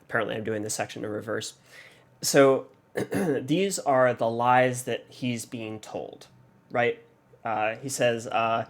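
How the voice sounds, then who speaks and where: A man analyzing a song for his reaction video, his voice carrying a gravelly rasp. He thinks aloud at a mid pitch, pausing often and filling gaps as he works out ideas. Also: fairly even intonation. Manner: hesitant, thinking aloud, many fillers. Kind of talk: casual music analysis.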